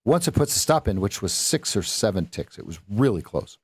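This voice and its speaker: Husky and lowish, this man's voice is very animated and fairly fast, with no echo. As a trading coach on a live stream, he guides viewers through trades, rambling, correcting himself, and making playful sound effects.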